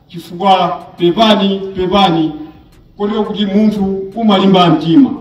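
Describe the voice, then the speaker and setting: A man's voice: high voice, a little mellow, roomy sound, far from the mic, a little hiss or hum, rough recording. A man speaking earnestly at a funeral, thanking guests and dignitaries. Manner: earnest, grateful.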